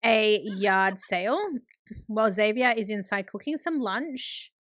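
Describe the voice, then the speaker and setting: A woman's voice: mid-range voice, measured pace, fairly bright tone, no echo, studio quality. A woman hosting a gaming channel, giving chatty, upbeat running commentary on her play. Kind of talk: let's play narration.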